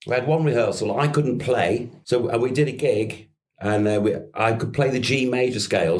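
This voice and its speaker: A man's voice: medium pitch, darkish tone. A middle-aged man from Merseyside with a Scouse accent, a musician guest in a podcast interview, rambling through anecdotes with laughs and casual swearing. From Merseyside, England.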